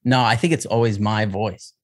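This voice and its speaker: A man's voice: lowish voice, steady tone, moderate pace. Chatty man reading listener questions. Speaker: podcast co-host. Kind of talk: casual chat.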